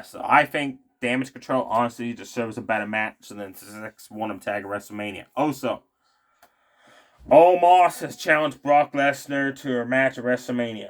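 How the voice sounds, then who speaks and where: A man talks through a wrestling recap in a loose, chatty way. His voice sits at an ordinary middle pitch. He keeps circling back with fillers and tossing in his own opinions as he goes. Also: fairly bright tone. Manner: rambling, many fillers, opinionated asides. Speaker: wrestling show recap vlogger. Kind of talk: casual spoken recap.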